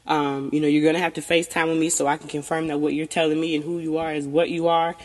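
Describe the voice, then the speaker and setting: In a long, reverberant room, a woman chats candidly and casually, frank and profane, laughing often and a little tipsy from tequila. Her voice sits low, with little pitch movement, and she talks fast.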